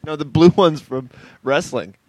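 A man's voice: fairly high pitch, a little slow, a little mellow, no room sound. A man co-hosting a comedy podcast, tossing out blunt, crude wisecracks. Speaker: podcast co-host. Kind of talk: casual comedy podcast banter.

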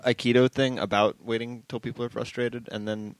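A man in a casual podcast chat, quick and playful. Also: mid-range voice, level tone, clear, resonant tone, dry recording, poor audio.

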